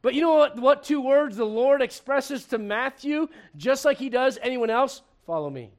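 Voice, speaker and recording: This Puerto Rican pastor has a very high voice and speaks at a normal speed. His sermon is lively and full of jokes, with frequent sentence restarts and small scenes acted out.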